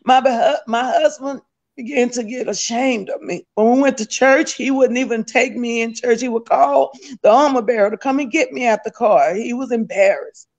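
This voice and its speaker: A woman's voice: fairly high pitch, moderate pace. A woman giving a fervent, tearful spoken religious testimony, repeating phrases as she speaks. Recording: dull lo-fi recording.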